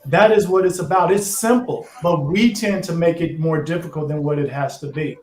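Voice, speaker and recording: High-voiced man in an echoey room. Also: normal speed, darkish tone, faint music behind. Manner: earnest, reflective. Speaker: panel guest. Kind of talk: earnest panel talk. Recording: roomy echo.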